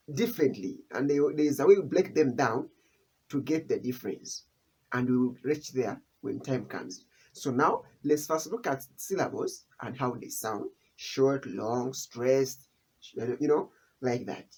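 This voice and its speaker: A teacher talks through a language lesson at an unhurried, deliberate pace. The voice is husky and rises and falls a lot, and the speaker keeps repeating each key term. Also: medium pitch. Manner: repeats key terms, explains step by step.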